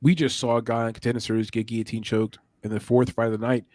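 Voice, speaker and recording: A man's voice: medium pitch, level tone, fast talker, a little mellow, dry recording, studio quality. A man hosting a sports betting show, talking animatedly through fight picks and odds. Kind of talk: casual sports betting chat.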